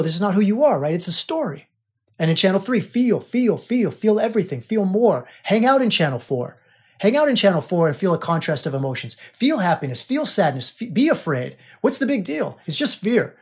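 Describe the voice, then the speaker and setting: A man's voice: sits high, husky. A man hosting a podcast as a coach, teaching in an emphatic, repetitive way. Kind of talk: spiritual coaching monologue.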